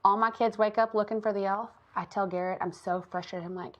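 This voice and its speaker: A woman's voice: medium pitch, fairly even intonation, a little fast. Chatty woman, lo-fi sound. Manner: chatty, laughs often. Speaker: co-host. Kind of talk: casual chat. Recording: dull lo-fi sound.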